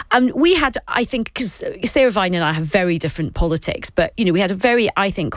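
A woman's voice: fairly low pitch, no echo. A woman hosting a broadcast interview, chatty and pressing her guest with questions. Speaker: interview host.

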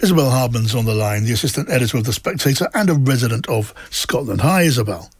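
A southern English man hosts a radio talk segment with a husky, slightly raspy voice. The sound is dry and close, with no room around it, and he stumbles genially over repeated words. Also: mid-range voice, lively intonation, quick pace, dry recording. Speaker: radio presenter.

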